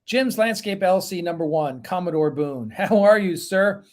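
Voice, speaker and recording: A man's voice: high-pitched, moderate pace. A man hosting a casual live stream, chatting loosely, greeting viewers one by one by name and rambling between asides.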